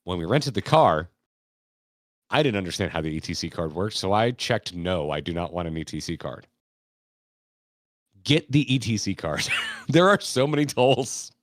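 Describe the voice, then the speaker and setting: A man's voice: sits low, big pitch swings, moderate pace, no room sound, studio quality. An American man from Florida hosting a podcast, telling stories in a rambling, laid-back way, laughing and swearing casually. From Florida, United States. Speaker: podcast host.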